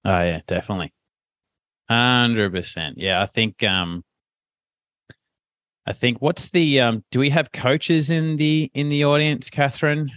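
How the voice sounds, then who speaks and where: A man, a coach talking casually as a podcast guest, animated and chatty with plenty of fillers. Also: mid-range voice, a little slow, long pauses, dry recording. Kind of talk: casual interview chat.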